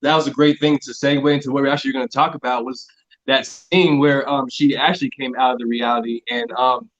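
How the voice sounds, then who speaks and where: A man hosting a casual podcast chat, asking questions hesitantly with many pauses and ums. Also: medium pitch, fairly even intonation, fairly bright tone. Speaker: host. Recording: dull lo-fi audio.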